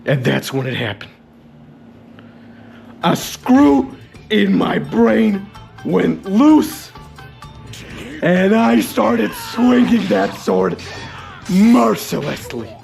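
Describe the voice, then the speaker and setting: A man telling a comedic story about his school days, dramatic and exaggerated, sometimes bursting into shouts. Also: high-pitched, big pitch swings, extremely slow, gravelly, pauses often, faint music behind. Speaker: storyteller and channel host.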